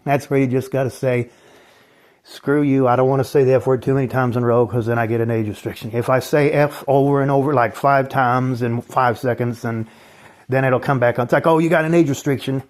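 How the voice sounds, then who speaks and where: A man delivering an angry, profane vlog rant at middle pitch. He talks in a bitter, scornful way and breaks into short mocking laughs as he complains about the world to his viewers. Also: flat delivery, a little fast. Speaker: channel host.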